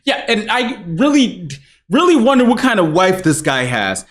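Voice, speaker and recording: A young man hosting a reaction video, with blunt, rambling commentary and swearing. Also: fairly high pitch.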